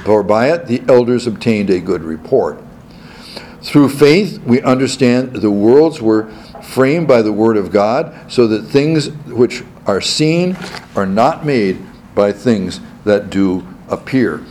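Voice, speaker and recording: A man's voice: lowish voice, animated, takes it slowly, darkish tone, slight background noise. A man teaching a Bible class. He reads scripture aloud, repeats key phrases and checks in with his students.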